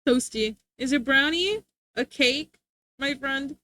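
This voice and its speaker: A woman's voice: high-pitched, slow, pushed and bright, no room sound. A woman streaming live and chatting casually with her chat, playful and teasing, laughing often.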